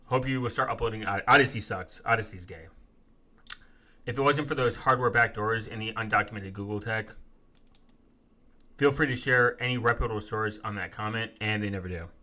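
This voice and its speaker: A man live-streaming in a casual, profane rant, reading viewer comments aloud and quickly flaring up as he rebuts them. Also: fairly low pitch, pushed and bright. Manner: profane, quick to flare up angrily. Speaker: live streamer answering chat.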